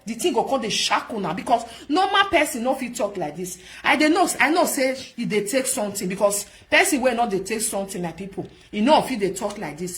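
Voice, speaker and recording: A woman from Nigeria with a Nigerian Pidgin accent, ranting and scolding as a vlog host in casual commentary, repeating herself for emphasis. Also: on the high side. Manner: scolding, repetitive, animated.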